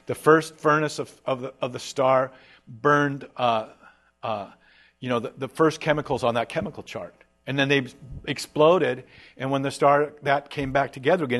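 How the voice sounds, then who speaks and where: A male preacher talking to a congregation in a loose, conversational way. He tosses in slang and briefly acts out the lines of the people he quotes, with a middle-pitched voice. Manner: casual and animated, slangy asides like "dude"; voices imagined speakers in quick asides. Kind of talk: sermon.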